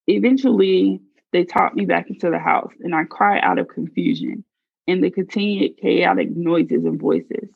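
A woman's voice: lowish voice, normal speed, gravelly, slightly rough, dry recording, narrow, tinny audio. A woman earnestly narrating her own life story in a first-person reading. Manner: earnest, confessional.

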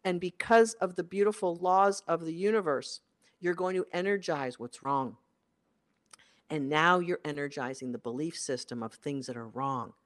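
A career coach delivering an emphatic motivational monologue, repeating key phrases for effect. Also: moderate pace. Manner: emphatic and repetitive, with big swings in pitch and loudness.

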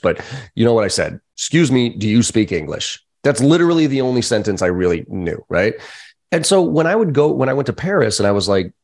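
A middle-aged man, a podcast guest and sales trainer, telling lively stories in casual, profane chat. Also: lowish voice, gravelly. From United States. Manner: animated storyteller, casual and profane, acts out quoted voices.

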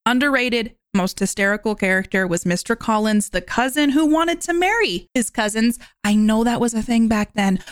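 A woman's voice: high-pitched, no echo, clean studio sound. Chatty young woman reviewing a film. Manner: chatty, animated, lots of "like". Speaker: podcast host. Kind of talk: casual movie review monologue.

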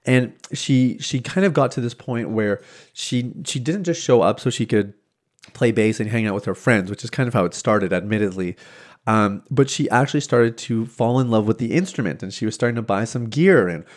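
A man hosting a podcast, telling a casual story with lively delivery, many restarts and filler words, acting out other people's lines and laughing easily. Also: mid-range voice, moderate pace. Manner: animated, acts out quoted voices, laughs easily. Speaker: podcast host.

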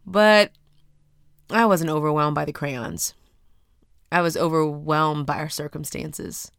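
A woman hosting a podcast, speaking. She tells her story in a dramatic, animated way, full of casual slang. Her voice sits fairly low and sounds close and dry, with no room sound. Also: slow pace, clear, resonant tone, dry recording. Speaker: podcast host.

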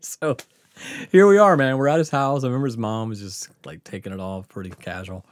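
A middle-aged man tells a loose, meandering story, dropping curses and chuckling at his own memories. His voice sits at an ordinary middle pitch. The sound is dry and close, with no room around it. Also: brisk, no room sound. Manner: rambling, profane, laughs through his story. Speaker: podcast host. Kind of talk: casual storytelling.

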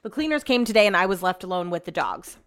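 A woman's voice: on the low side, animated, fast, fairly bright tone, no echo, clean studio sound. A woman hosting a casual solo podcast, venting about her day and swearing freely as she rambles, recorded in her home office. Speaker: podcast host.

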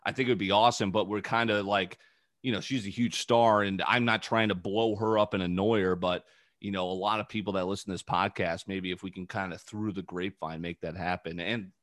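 A man in his twenties talks casually as a podcast host, with a fairly low voice. He rambles through stories, full of fillers and restarts. The recording sounds dry and close, with no room echo. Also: steady tone, fairly quick, fairly bright tone. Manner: rambling, filler-heavy storytelling. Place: home studio.

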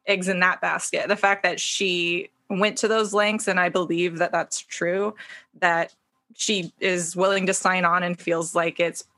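Eager female podcast guest with a bright, lowish voice, recorded dry and close. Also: little pitch movement, a little slow, dry recording. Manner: eager, peppered with "you know". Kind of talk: casual podcast chat.

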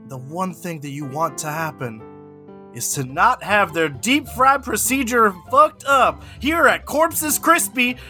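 A man improvising an overblown mock commercial in a pitchman's delivery. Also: unhurried, sharp tone, faint music behind.

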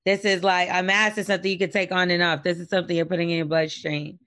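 A woman's voice: fairly low pitch, little pitch movement, quick pace, a bit bright. A woman co-hosting a podcast, talking bluntly in casual chat and swearing freely. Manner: blunt, swears freely, reads news aloud. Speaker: podcast co-host.

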